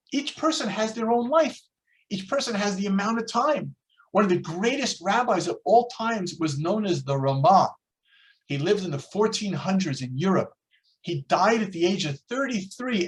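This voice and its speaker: An older American man teaching a Torah class over a video call, telling stories and acting out the people in them. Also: high voice. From United States. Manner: storytelling, lively, acts out quoted voices. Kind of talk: online class lecture.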